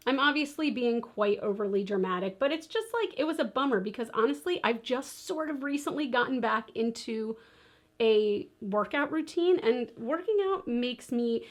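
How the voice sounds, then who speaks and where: A young woman chatting through a long story while doing her makeup, animated and laughing now and then. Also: fairly high pitch, normal speed. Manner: animated storyteller, acts out quoted voices, laughs often. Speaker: beauty vlogger.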